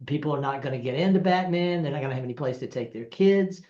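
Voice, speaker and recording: A screenwriter recounting studio anecdotes, lively and acting out the people he quotes, laughing as he goes. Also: on the high side, fast talker. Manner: animated, acts out quoted voices, laughs through stories. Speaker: screenwriter guest. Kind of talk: anecdotal storytelling. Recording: roomy, dull lo-fi sound.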